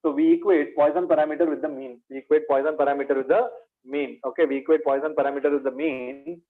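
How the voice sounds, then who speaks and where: Tinny, phone-like audio captures a man with an Indian English accent teaching maths for exam revision. His pitch is fairly high and his intonation fairly even, and he speaks fast, answering his own questions and calling students "my dear."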